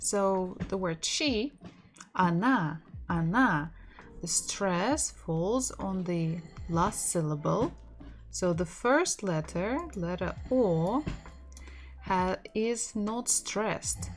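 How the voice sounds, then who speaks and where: A woman's voice: mid-range voice, lively intonation, extremely slow. A woman teaching a language lesson in English, explaining patiently with restarts and little laughs. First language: Russian.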